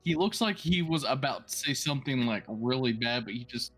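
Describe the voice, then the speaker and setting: Man, game master, casual chat, mid pitch, faint music. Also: expressive, a little fast, a bit bright, breathy edge. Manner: casual, swears freely. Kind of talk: narrating a tabletop game.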